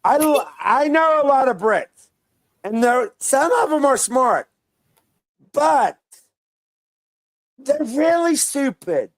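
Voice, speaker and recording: Unhurried, blunt woman hosting reactions, lively pitch. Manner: blunt, rambling, slangy. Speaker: reaction video host. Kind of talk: casual reaction commentary.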